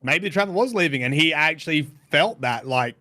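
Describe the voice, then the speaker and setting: A man co-hosting a casual podcast, thinking out loud with many fillers and restarts. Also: on the high side, animated, a little fast, no room sound. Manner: speculative, hedging with fillers. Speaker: podcast co-host. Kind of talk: casual chat.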